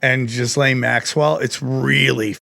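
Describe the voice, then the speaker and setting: A man hosting a podcast in casual, animated chat, swearing freely and calling people "dude". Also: mid-range voice, slow, gravelly. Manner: animated, profane, says "dude" often. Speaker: podcast host.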